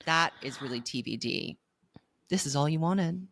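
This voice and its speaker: A woman's voice: deep voice, moderate pace, fairly bright tone, no echo. A young adult woman co-hosting a podcast in casual chat, blunt and emphatic, with dry asides. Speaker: podcast co-host.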